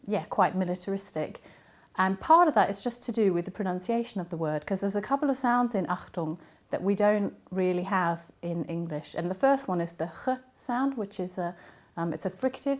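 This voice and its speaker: Softly low-pitched woman linguist explaining. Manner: measured, explaining with frequent ums. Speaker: linguist and university academic. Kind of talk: explanatory interview answers.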